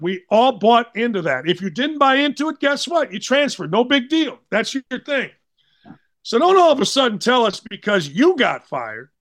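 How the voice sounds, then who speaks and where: A man in his sixties telling blunt, animated sports stories as a podcast guest. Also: high voice, dry recording. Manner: blunt, animated, slangy anecdotes. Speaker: guest, former college basketball player. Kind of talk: casual storytelling.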